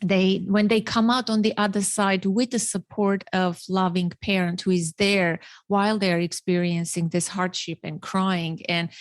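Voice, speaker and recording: A woman's voice: mid-range voice, flat delivery, a little slow, hardly any pauses, no echo. A middle-aged woman host and parent educator, talking earnestly in an interview, often restarting and repeating words. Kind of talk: conversational interview.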